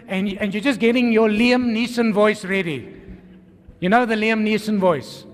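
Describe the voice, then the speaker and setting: A South African man, a pastor, preaching an energetic sermon full of rhetorical questions and calls to the congregation. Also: high-pitched, normal speed. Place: church. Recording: long reverb of a church hall.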